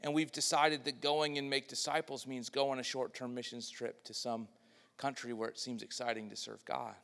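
Male preacher, sermon delivery, bright and forceful, long hall reverb. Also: medium pitch, level tone, moderate pace, vocal fry. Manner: swings between loud and hushed, acts out quoted voices.

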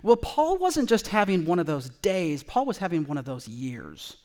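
A middle-aged man, a pastor from California, telling a personal story in a conversational, animated sermon. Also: high voice, moderate pace.

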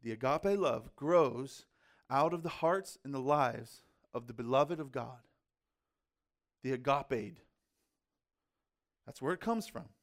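A man's voice: medium pitch, slow pace, long pauses. A man preaching a sermon in a conversational way, with rhetorical questions and casual asides. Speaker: pastor.

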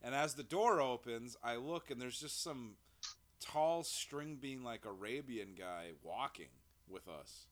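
A man's voice: medium pitch, animated, unhurried, dry recording. A young man in casual chat, rambling through a story with fillers and laughter.

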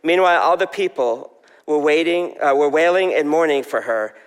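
A man's voice: on the high side, moderate pace, smooth, in a large hall. A male pastor preaching a sermon in a conversational way, asking the congregation questions.

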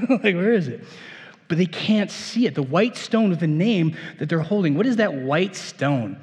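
A pastor giving a conversational sermon with laughs and asides, then leading a prayer and blessing in a church. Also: male voice, fairly high pitch, a little fast, darkish tone. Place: church sanctuary. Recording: long reverb of a church hall.

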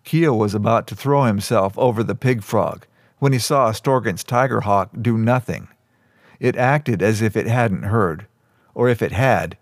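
A man narrating an audiobook podcast in a steady, even storytelling voice. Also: on the low side, no room sound, clean studio sound.

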